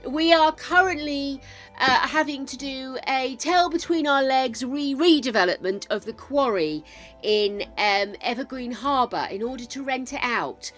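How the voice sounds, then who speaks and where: Older woman, game streamer, bright high voice, affectionate chatter, soft music behind. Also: measured pace. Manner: chatty, showers viewers with endearments. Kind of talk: casual live-stream chat.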